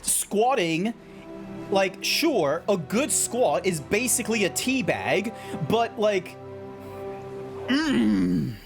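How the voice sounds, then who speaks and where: A man's voice: high-pitched, big pitch swings, extremely slow, gravelly, over music. A young Australian man chatting casually on a gaming stream, playful and rambling, swearing now and then.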